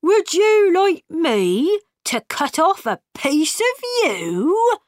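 A woman voicing an offended talking plum pudding with an indignant, squeaky manner. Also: very animated, very slow, a little mellow, no echo, clean studio sound, full character voice.

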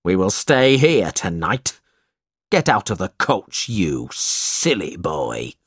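A man's voice: sits low, huge pitch swings, slow pace, husky, no echo, studio quality, voice pushed down, exaggerated voice. Man doing a cruel, bullying schoolmaster. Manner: bullying, shouting.

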